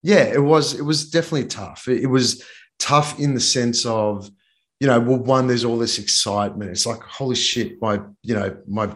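A man's voice: medium pitch, normal speed. A man who works as a men's coach, talking candidly as a podcast guest and retelling events frankly and animatedly. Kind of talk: candid conversational storytelling.

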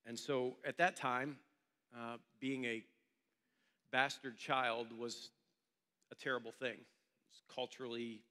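A man's voice: mid-range voice, level tone, slow pace, long pauses, pushed and bright, long reverb tail. A male pastor telling a story during a sermon in a church meeting room, in a loose, conversational way.

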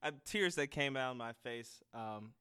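A man's voice: medium pitch, expressive, a little slow, a loud crowd. A young man hosting a podcast, chatting casually with a giggly, rambling manner and plenty of fillers. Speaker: podcast host. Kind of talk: casual chat.

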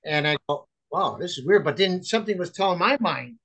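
A man's voice: sits high, lively intonation, brisk, fairly bright tone, poor audio. A man tells his personal testimony over a remote call in an earnest, rambling way. He circles back and restarts his sentences often, using plenty of fillers. His voice sits a little above the usual for a man. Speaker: guest, chaplain and author.

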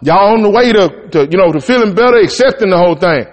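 A man's voice: sits high, animated, quick pace, in a large hall. A man preaching a sermon, reading scripture aloud and breaking off into casual, folksy asides to the congregation. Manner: conversational, reads verses then riffs in folksy Southern-style talk.

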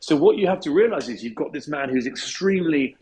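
A male historian, a guest on the show, giving long, measured, anecdotal answers and pausing with ums as he thinks. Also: fairly high pitch, lively intonation, a little mellow, rough recording. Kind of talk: explanatory interview answers.

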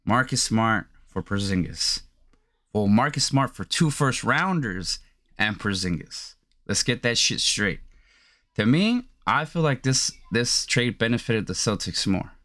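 A man's voice: fairly low pitch, animated, unhurried, bright, forceful tone. A young man hosting a sports podcast, ranting in a heated, profane, rambling way full of fillers. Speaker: podcast host. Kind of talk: casual sports podcast rant.

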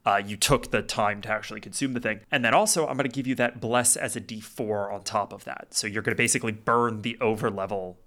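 A man running a tabletop game as game master, slow and hushed in narration, quick when explaining rules. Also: lowish voice, fairly even intonation.

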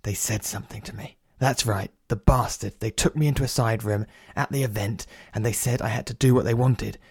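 A man's voice: mid-range voice, fairly even intonation, brisk, slightly rough, no echo, clean studio sound. A man playing an agitated, defiant prime minister in an audio drama, indignant and insistent. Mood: recounting.

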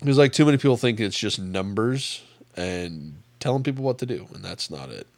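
Low-voiced man telling stories. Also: a little fast, no room sound. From US Midwest. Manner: animated storyteller, laughs often. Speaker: podcast co-host. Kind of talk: casual chat.

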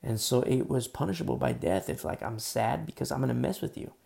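A man's voice: medium pitch, wildly swooping pitch, fairly quick, vocal fry, dark tone. A man preaching a casual, conversational sermon, full of fillers and acted-out quotes. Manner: conversational, many fillers, acts out quoted voices. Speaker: pastor.

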